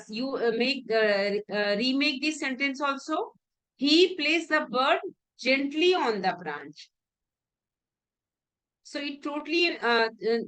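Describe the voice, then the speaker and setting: Higher-voiced Indian English woman teaching grammar. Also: sharp tone. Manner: explanatory, repeats and breaks down example sentences. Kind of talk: exam-prep grammar lesson.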